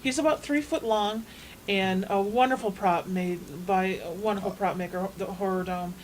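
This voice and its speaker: A woman's voice: mid-range voice, moderate pace, a little mellow, slight background noise, low-quality recording. A woman chatting as a guest in a studio interview, telling anecdotes. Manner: chatty storyteller. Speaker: haunt co-founder guest.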